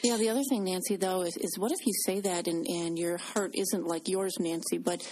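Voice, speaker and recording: A woman's voice: on the low side, fairly even intonation, fairly quick, darkish tone. Chatty woman radio co-host. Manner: chatty, many fillers and restarts. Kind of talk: casual Christian radio talk. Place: radio studio.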